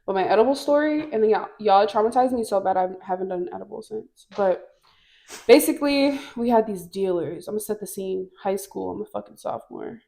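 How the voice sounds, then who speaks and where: A young woman telling a wild story in casual chat, swearing freely and loudly acting out the people she quotes. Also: mid-range voice, brisk, gravelly. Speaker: podcast co-host.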